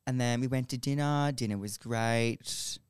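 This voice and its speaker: A man's voice: medium pitch, a little slow, smooth, dry recording, clean studio sound. A young man, a podcast guest, telling a dating story in casual chat, swearing freely and acting out the lines of the people in it. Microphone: podcast microphone.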